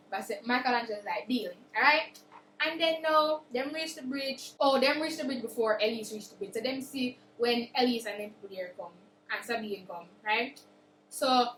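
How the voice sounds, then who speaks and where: Young Jamaican woman, high voice, animated casual book-recap vlogger, echoey room. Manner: animated, acts out characters' quotes. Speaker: book reviewer. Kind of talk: casual plot retelling. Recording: echoey room with faint noise.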